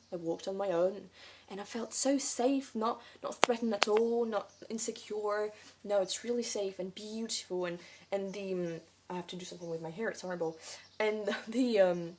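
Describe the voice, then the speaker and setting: A vlogger whose first language is French works through a casual Q&A in English, hesitant and rambling with many fillers. Her voice is mid-range and slightly rough.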